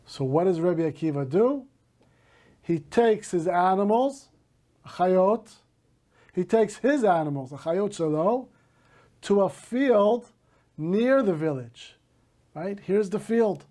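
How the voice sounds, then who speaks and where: A male teacher slowly reading a story aloud to a class, stopping to gloss words in Hebrew. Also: high-pitched, expressive, warm tone.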